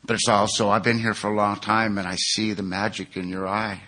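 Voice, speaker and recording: A man voicing an old male sponsor who speaks in a soft, grave and steady way. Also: lowish voice, fairly quick.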